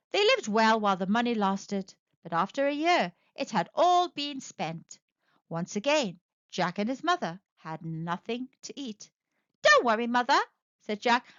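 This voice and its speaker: Animated woman reading a children's story. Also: a little high, no room sound, dull audio. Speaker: storyteller, channel host. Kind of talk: children's read-aloud narration.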